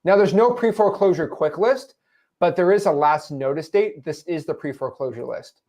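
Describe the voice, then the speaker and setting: A man's voice: fairly high pitch, lively intonation, normal speed, darkish tone. A man hosting a live question session, giving casual coaching advice and calling listeners "man" and "dude". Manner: laid-back, calls people "man" and "dude". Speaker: host answering live questions.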